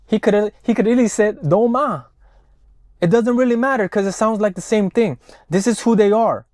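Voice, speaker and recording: High-pitched man, profane ranting news commentator, dry close sound. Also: darkish tone, no echo. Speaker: political commentator.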